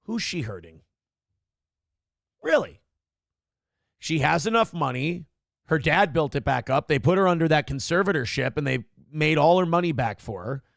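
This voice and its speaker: Gravelly, high-voiced sarcastic male host. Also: animated, normal speed, long pauses, no echo, studio quality. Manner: sarcastic and profane, mocking celebrities. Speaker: morning show host. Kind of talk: comedic ranting commentary.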